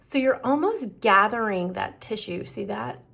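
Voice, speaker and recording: Woman esthetician, skincare demo, gravelly, a bit raspy, calm step-by-step instruction. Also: mid-range voice, a little slow. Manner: calm instructive, checks in with "okay?". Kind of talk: skincare demonstration.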